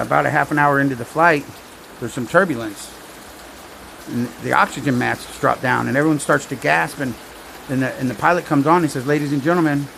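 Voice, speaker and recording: Gravelly-voiced storyteller, dry and rambling, with faint rain behind him. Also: male voice, mid-range voice, a bit bright, slight background noise, rough recording. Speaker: storm-watching vlogger. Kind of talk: casual joke-telling livestream.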